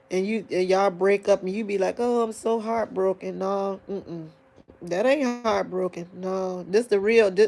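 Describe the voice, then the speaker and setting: A woman talks straight to her online viewers, grieving and on the edge of tears. Her speech is rambling and halting, full of restarts and heavy sighs, and her voice keeps breaking as she cries. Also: medium pitch, mellow. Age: adult. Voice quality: emotional, sighing, voice breaking into crying. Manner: rambling, halting restarts, addresses audience as y'all. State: grieving, crying. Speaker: vlogger talking to online viewers. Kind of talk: tearful live-stream monologue.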